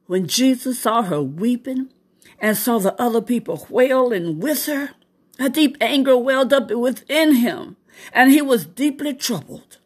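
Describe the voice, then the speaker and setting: Slow, prayerful woman preacher. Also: medium pitch, animated, darkish tone, breathy edge. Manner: slow, prayerful delivery with fervent exclamations. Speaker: devotional host. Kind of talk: scripture reading and devotional sermon.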